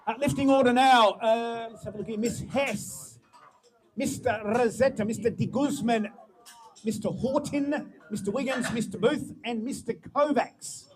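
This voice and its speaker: High-voiced meet announcer. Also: male voice, a little slow. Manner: chatty, muses aloud, cheers lifts loudly. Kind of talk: live powerlifting commentary. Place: powerlifting competition venue.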